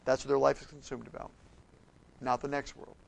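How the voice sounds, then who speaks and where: A man preaching a sermon, telling stories with acted-out quotes and swinging between loud outbursts and soft, quiet passages. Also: medium pitch, flat delivery, a little fast, vocal fry, dry recording.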